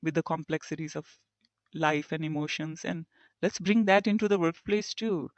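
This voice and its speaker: A woman's voice: low voice, normal speed, dry recording. Dry, muffled woman telling work stories. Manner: reflective, tells stories and acts out quoted remarks. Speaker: engineer and podcast guest. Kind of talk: conversational interview.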